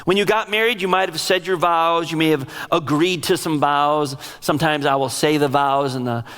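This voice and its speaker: Middle-aged guy pastor, fairly high voice, emotional storyteller, lots of echo from a big church hall. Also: fairly even intonation, normal speed, a bit bright, smooth. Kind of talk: sermon. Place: large church sanctuary. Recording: long reverb of a large hall.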